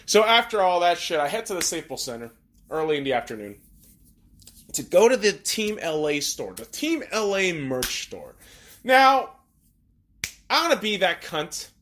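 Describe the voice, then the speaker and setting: A man's voice: fairly high pitch, very animated, moderate pace, a bit bright. A man hosting a podcast, talking in a blunt, profane, ranting monologue. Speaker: podcast host.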